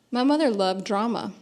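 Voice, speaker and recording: A woman's voice: fairly high pitch, darkish tone. A woman from the American South in her thirties, a guest author telling stories on stage with a self-deprecating manner, laughing often and restarting her sentences. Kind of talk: storytelling interview on stage.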